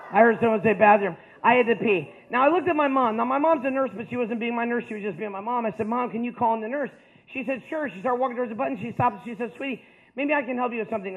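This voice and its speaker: Man, very high voice, comic storyteller working a crowd; tinny, phone-like recording. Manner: animated, addresses the crowd with frequent "okay?". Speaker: speaker telling a story to a youth audience.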